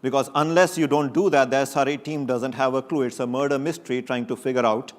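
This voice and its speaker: A man presenting at a tech conference, his delivery lively and wry. He keeps punching key phrases upward for emphasis, and his voice sits at an ordinary middle pitch. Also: quick pace. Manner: lively, joking, with sudden emphatic rises. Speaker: conference speaker. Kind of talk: technical conference talk. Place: conference stage before an audience.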